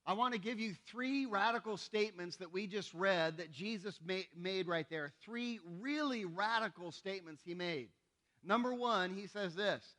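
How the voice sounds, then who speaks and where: A man's voice: high-pitched, normal speed, bright, forceful tone. A male pastor preaching a sermon, conversational and emphatic, often checking in with the congregation. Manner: conversational, asks the congregation for responses; emphatic repetition.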